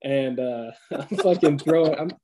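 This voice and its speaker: A man co-hosting a podcast in excitable, profane casual chat, calling everyone "dude.". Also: on the high side, a little slow, background noise. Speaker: podcast co-host.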